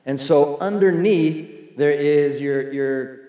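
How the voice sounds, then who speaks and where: Pastor, male, lively sermon delivery, slightly higher voice, big reverberant hall. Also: takes it slowly. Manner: animated, acts out quoted voices. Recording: echoey hall, long reverb.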